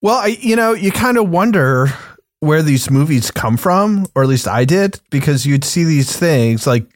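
A man's voice: a little high, animated, normal speed, no echo, studio quality. A man on a podcast panel, musing in loose, rambling casual chat.

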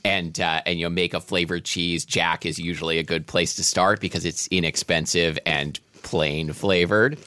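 A man with a bright, forceful voice and a lowish pitch, chatting casually as a podcast co-host. He keeps stopping and restarting his sentences. The sound is close and dry. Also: fairly even intonation, moderate pace, few pauses, smooth, no echo. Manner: hesitant, many restarts and fillers. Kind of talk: casual chat.

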